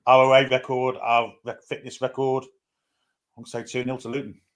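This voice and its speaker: Man, podcast panel guest, rapid delivery, blunt, middle pitch. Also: level tone. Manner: blunt and matter-of-fact. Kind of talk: casual podcast chat.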